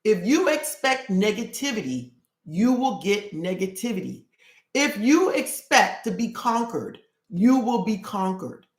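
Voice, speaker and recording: Fast-talking woman coach, roomy echo. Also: mid-range voice, big pitch swings. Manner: earnest, talks fast, repeats phrases. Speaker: spiritual coach. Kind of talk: live stream teaching.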